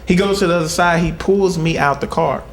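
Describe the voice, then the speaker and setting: A man's voice: on the high side, fairly quick, slight background noise. A man from Texas with a Texan accent doing a stand-up set, telling stories and acting out the bits with lots of energy. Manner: animated storytelling, acts out bits. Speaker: stand-up comedian. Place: comedy club stage. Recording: echoey club with crowd laughter. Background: audience laughing.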